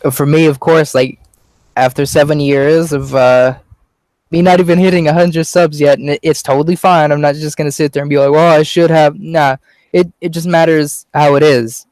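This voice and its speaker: A man's voice: fairly high pitch, fairly even intonation, normal speed, a little mellow, no room sound, rough recording. A young man chatting casually as a small YouTuber, rambling with lots of fillers and an easygoing manner. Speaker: youtuber being interviewed. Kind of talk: casual chat.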